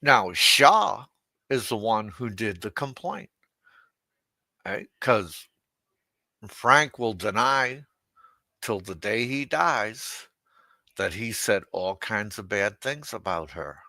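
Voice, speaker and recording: A man hosts a livestream in a slow, unhurried drawl, heaping crude mockery on his targets and chuckling at his own jabs. His voice is gravelly and edged with a sharp, tense brightness, recorded close and dry. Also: fairly low pitch, animated, dry recording. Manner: crude, mocking, laughs at his own jokes. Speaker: livestream host. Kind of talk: unscripted livestream rant.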